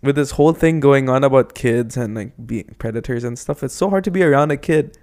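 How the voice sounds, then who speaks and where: A man's voice: mid-range voice, a little fast, darkish tone. A man co-hosting a podcast in casual chat, laid-back and agreeable, slipping in jokes. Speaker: podcast co-host.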